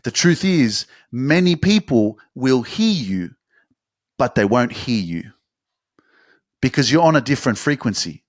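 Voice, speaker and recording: A man delivers a motivational monologue at a mid pitch, animated and casual. His voice is recorded dry and close, with no room echo. He acts out excited quotes and lets the odd swear word slip. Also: unhurried. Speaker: motivational speaker.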